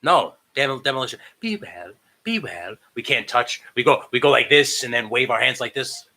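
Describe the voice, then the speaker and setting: Profane ranting podcast man, bright voice. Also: medium pitch, fairly even intonation, a little fast, creaky. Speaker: podcast co-host. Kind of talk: casual chat. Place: home, remote recording.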